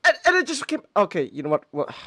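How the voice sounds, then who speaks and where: A man hosting a live-streamed podcast while gaming. He is excitable, often exclaims, and stammers through restarts. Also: sits high, fast talker, dry recording. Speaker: VTuber podcast host.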